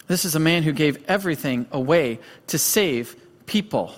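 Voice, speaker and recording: A man's voice: a little high, expressive, moderate pace, hardly any pauses. A man preaching a sermon as pastor, telling a story earnestly and stressing points with repetition, in a church sanctuary. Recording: long hall reverb.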